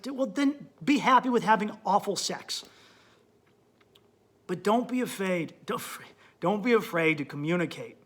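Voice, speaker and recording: A man hosting a comedy podcast in a high, bright, sharp-edged voice. He delivers a crude, blunt monologue and acts out his own thoughts as he goes. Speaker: podcast host.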